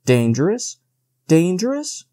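A cocky young stag brushes off every warning with airy scorn, as a male reader puts him on. He is a storybook deer with a superior manner, voiced in a dark, mellow tone. The recording is dry and close. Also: high voice, wildly swooping pitch, slow pace, no room sound, voice pushed up, exaggerated voice.

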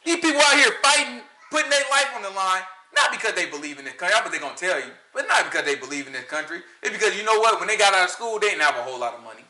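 A man's voice: high voice, expressive, very fast, few pauses, pushed and bright. A man with a country Southern American accent giving an informal Sabbath Bible lesson, firing rhetorical questions and often laughing. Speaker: Bible study teacher. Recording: echoey room.

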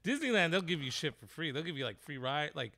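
Gravelly, bright-voiced man who laughs a lot. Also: on the high side, very animated, no room sound, clean studio sound. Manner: quick to laugh, chimes in with short agreements. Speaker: podcast co-host. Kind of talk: casual chat.

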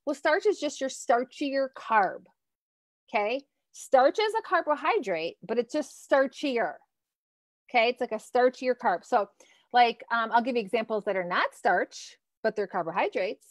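A woman's voice: a little high, expressive, a little slow, dry recording, studio quality. A woman in her thirties, a nutrition coach on a live stream, talking casually and swearing freely as she reads out viewer comments.

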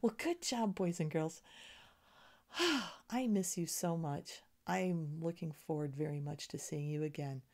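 A woman's voice: sits low, unhurried, creaky, dark tone. A woman teaching an elementary music lesson to young children, encouraging them and chanting rhythm syllables. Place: screen in front of her.

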